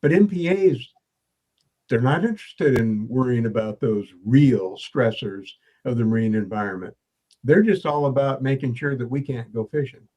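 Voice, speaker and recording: A man as a guest on a podcast, explaining his views in a measured, earnest way. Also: medium pitch, mellow. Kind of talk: podcast conversation.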